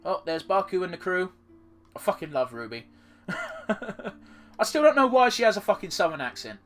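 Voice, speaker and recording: Guy doing a lets play, swears a lot, animated voice, soft music behind. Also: sits high, normal speed, pauses often. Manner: lively, swears casually, reads game text aloud. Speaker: let's play gamer. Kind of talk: casual gameplay commentary.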